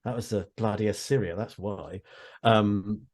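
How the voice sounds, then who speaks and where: A man's voice: lowish voice, steady tone, unhurried, darkish tone. A man chatting as a guest on a video call, often restarting his sentences with a dry, wry humor. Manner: rambling, self-interrupting, wry. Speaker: guest, actor and audiobook narrator. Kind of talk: casual chat over video call. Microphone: headphones on a video call.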